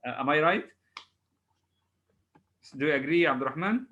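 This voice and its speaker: Male teacher, slightly high voice, bright and forceful, patient, spells words aloud, frequent hesitations, video call. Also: expressive, normal speed, dull audio, slight background noise. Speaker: English teacher. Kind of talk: online class drilling exam word formation.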